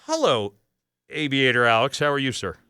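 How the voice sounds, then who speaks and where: A talk-radio man rambles through listener emails in a lively, up-and-down voice, quick to defend himself. His tone is smooth and clear, close on a studio mic with a dry, dead room. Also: medium pitch, no room sound. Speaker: radio producer filling in as host. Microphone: studio microphone.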